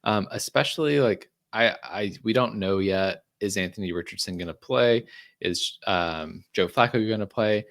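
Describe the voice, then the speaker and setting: His voice sits fairly low with a slightly bright edge, moving at a moderate clip. As a regular on the podcast, he breaks down fantasy football picks in a loose, chatty way, stumbling over ums and restarts and dropping a dry sarcastic jab now and then.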